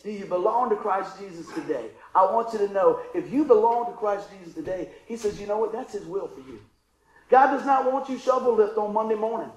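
High-voiced man preaching in an echoey church. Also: brisk. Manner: animated preaching, swinging from loud calls to hushed asides. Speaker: pastor. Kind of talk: sermon. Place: church sanctuary.

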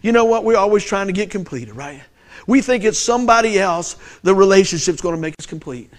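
Male pastor, middle-aged, high-pitched, animated sermon delivery with loud bursts and soft asides. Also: a little fast. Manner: animated storytelling with laughter and loud peaks.

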